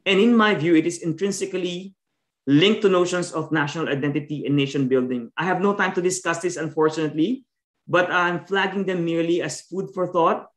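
A man's voice: a little high, fairly bright tone. Man lecturing in an echoey room. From Philippines. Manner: measured, with frequent fillers and restarts. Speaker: discussant. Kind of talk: academic lecture. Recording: roomy, echoey video-call audio.

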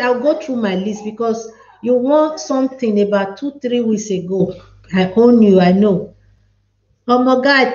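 A Nigerian woman with a slightly high voice hosts a live chat, slow and easygoing, calling out viewers by name with frequent laughs. The sound is dull and lo-fi, with an echoey room around her. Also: a little mellow. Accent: Nigerian Pidgin English. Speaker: livestream host.

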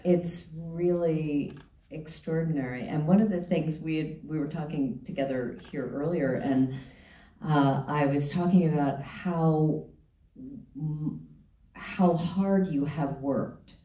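A woman moderator asking measured, encouraging questions in an onstage interview. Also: low voice, fairly even intonation, dark tone. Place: theater stage. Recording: echoey theater, distant dull mic.

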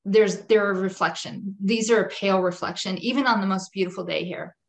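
A woman's voice: mid-range voice, fairly even intonation, brisk. A woman guest on a podcast, telling a personal testimony in an earnest, vivid way and repeating phrases for emphasis. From Jewish home.

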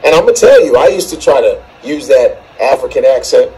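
A man, a comedian born in the United States, ranting in an animated, profane way with shouted peaks. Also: mid-range voice, fairly quick, low-quality recording. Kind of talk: comedic rant in a played clip.

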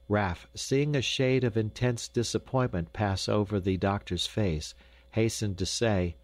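Deep-voiced man narrating an audiobook. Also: unhurried, dry recording. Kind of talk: scripted narration.

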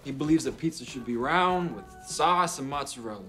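An actress playing an earnest young woman in a film scene who speaks in a hesitant, halting way. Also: sits low, over music, lightly acted. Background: film score.

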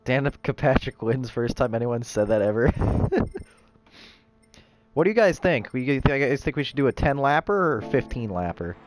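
A man streaming a racing game, chatting casually with viewers and bursting into excited race calls. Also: mid-range voice, normal speed, no echo, faint music behind. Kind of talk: casual livestream chat with race commentary. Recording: game sound in the background.

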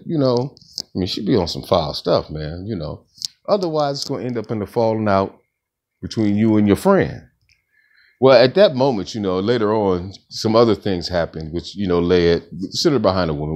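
A middle-aged man casually telling a personal story, rambling and slangy, with lots of fillers. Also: a little mellow. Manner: rambling, slangy, acts out quoted friends in a higher voice. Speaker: author and storyteller.

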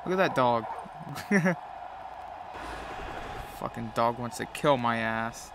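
A man's voice: mid-range voice, lively intonation, takes it slowly, creaky, background noise. A man with a cold giving profane, joking play-by-play commentary while playing a game. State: has a cold. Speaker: gamer commentator.

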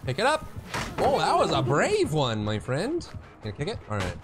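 A man commentating his own gameplay, excitable and teasing, swinging from quiet mutters to sudden shouts. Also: a little high, normal speed, music in the background. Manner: banters with the opponent, teasing.

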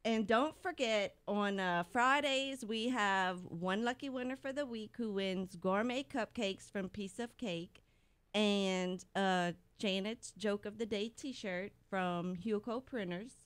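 A woman's voice: medium pitch, clean tone. A middle-aged woman, hosting a casual radio birthday segment and laughing at her own slips. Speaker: radio host reading birthdays.

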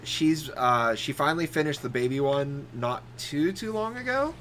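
Bright-voiced joking gamer man. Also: fairly high pitch, normal speed, a little hiss or hum. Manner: joking, excitable, laughs often. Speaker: gamer streamer. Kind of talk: casual chat while gaming.

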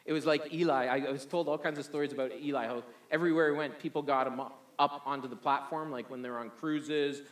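Energetic pastor preaching in an echoey hall. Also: male voice, on the high side, quick pace, hardly any pauses. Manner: energetic, repeats words as he restarts. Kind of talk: sermon.

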